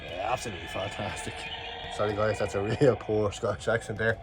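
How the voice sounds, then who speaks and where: A man's voice: lowish voice, level tone, normal speed. A man vlogging a toy review in a casual, enthusiastic, rambling chat full of fillers.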